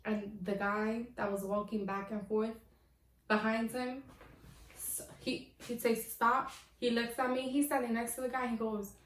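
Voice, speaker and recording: A woman's voice: fairly high pitch, unhurried. Chatty young woman telling stories. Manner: animated, chatty, slangy, laughs at herself. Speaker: vlogger. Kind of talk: casual storytelling. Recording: echoey room, voice from a distance.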